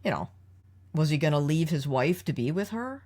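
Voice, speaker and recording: A woman's voice: low voice, expressive, moderate pace, darkish tone. A woman hosting a podcast, talking through episodes in a casual, analytical way and asking her co-host questions. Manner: analytical, leads the discussion with questions.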